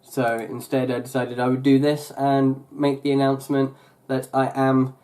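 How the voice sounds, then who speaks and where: Young male vlogger, mid-pitch, chatty and meandering, lots of fillers and self-corrections. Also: level tone, moderate pace, darkish tone. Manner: rambling, full of fillers and restarts. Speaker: YouTuber. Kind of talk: casual vlog chat.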